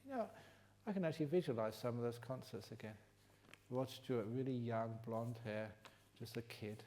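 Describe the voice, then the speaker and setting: An older man from England leading a retreat Q&A, teaching in a humorous, teasing way that turns gentle and reflective. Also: medium pitch, moderate pace. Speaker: meditation teacher answering questions. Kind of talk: retreat Q&A talk. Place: retreat hall.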